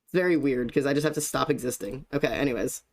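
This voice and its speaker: A man's voice: mid-range voice, fast talker, vocal fry. A young man live-streaming, greeting viewers by name and joking in a self-deprecating way, with casual swearing.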